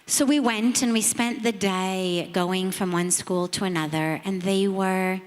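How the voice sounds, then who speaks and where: A middle-aged woman, a spiritual teacher, telling a reflective story to an audience in a measured, earnest, emphatic way. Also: medium pitch. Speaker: spiritual teacher speaking on a panel. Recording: long reverb of a large hall.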